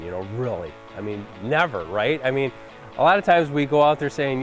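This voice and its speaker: A man's voice: mid-range voice, animated, a little fast, soft background music. A man hosting a hunting show, looking back on the hunt in conversational commentary, enthusiastic and full of "you know"s. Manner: enthusiastic, conversational, filler-heavy. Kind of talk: reflective interview-style commentary.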